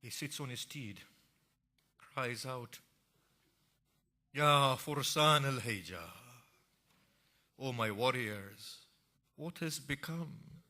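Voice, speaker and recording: A man narrating an emotional religious story in a sermon, moving from hushed tones to impassioned cries. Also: medium pitch, slow. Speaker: preacher.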